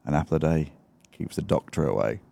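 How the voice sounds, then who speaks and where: Lively English man telling stories. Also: a bass voice, brisk, creaky. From England. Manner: animated storytelling, laughs often. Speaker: podcast co-host. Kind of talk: casual chat. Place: their home.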